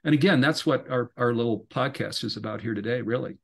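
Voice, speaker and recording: A middle-aged man, a podcast guest, talking in an earnest, rambling way that grows animated when he is inspired. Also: medium pitch, fairly quick, creaky. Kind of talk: casual interview talk.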